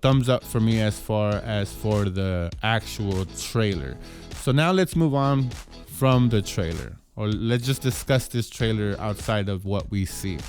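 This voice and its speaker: A man with a fairly low voice talks through a movie trailer review in an easygoing way. He often stumbles, restarts and repeats words as he goes. Faint music plays quietly beneath him. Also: lively intonation, measured pace. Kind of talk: casual spoken review.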